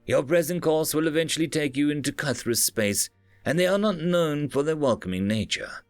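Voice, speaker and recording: A man's voice: a little high, animated, moderate pace, no room sound, soft background music, voice pushed up, natural voice. A man voicing a blunt, commanding starship captain who gives firm, clipped orders in a raised voice.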